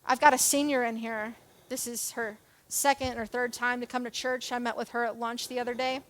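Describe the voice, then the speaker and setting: High-voiced young woman preaching, chatty and jokey. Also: brisk. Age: young adult. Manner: chatty, self-deprecating, animated with jokes and asides. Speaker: church youth and kids leader. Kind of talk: sermon.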